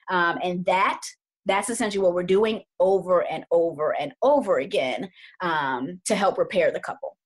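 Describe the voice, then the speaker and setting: Husky-voiced woman therapist, earnest. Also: lowish voice, normal speed. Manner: earnest, thoughtful, repeats words for emphasis. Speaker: couples therapist. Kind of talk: casual podcast discussion.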